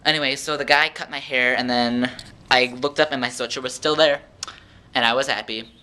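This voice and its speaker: Guy rambling thru a story on his vlog, super bright tense voice, does the voices of everyone he quotes. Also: mid-range voice, fairly even intonation, a little fast, clean tone. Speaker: vlogger. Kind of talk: casual storytelling monologue.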